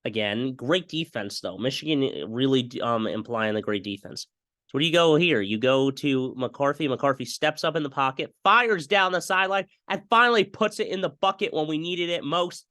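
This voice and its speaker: A young man talking through football highlights in a casual play-by-play style, often breaking into excited broadcast-style calls. His voice sits in a middle range. He is recorded dry and close on a desktop mic. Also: normal speed, dry recording. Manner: excitable, mimics broadcast calls, repeats stock phrases. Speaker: fan video commentator.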